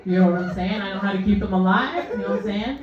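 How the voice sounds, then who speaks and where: A woman's voice: mid-range voice, fast. A woman doing a stand-up comedy set, brash, crude and self-mocking. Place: comedy club stage. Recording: echoey club from far off, dull, crowd.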